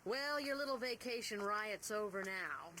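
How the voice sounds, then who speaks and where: A woman's voice: mid-range voice, animated, moderate pace, bright, forceful tone, slight background noise. A woman voicing a cold, scheming villainous boss in a video game cutscene, drawling and commanding. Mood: scornful.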